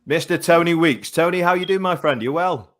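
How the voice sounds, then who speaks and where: A man's voice: on the high side, brisk. A man in his thirties hosting a live boxing talk show, chatty and rambling with many fillers. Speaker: boxing show host and commentator.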